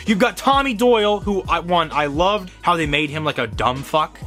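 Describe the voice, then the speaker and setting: A young man hosting a show, giving a profane, rambling, excitable fanboy review of horror movies. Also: high voice, normal speed, hardly any pauses, soft background music. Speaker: host.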